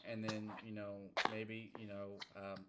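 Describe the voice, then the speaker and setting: A man's voice: fairly low pitch, completely flat delivery, measured pace, heavy background noise. A man playing a tabletop game, sarcastic and joking. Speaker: player.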